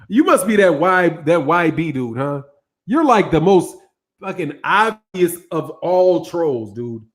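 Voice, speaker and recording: Boxing channel host, middle-aged man, high-pitched voice, casual animated reaction commentary, repeats himself and talks straight to the viewers. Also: slow pace. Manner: laughs often between points.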